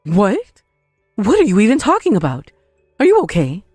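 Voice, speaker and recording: A woman voicing a scheming middle-aged ex-mother-in-law in a text-message story drama, defensive and quick to blame others. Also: medium pitch, wildly swooping pitch, a little mellow, breathy edge, no echo, clean studio sound, soft background music. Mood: confused.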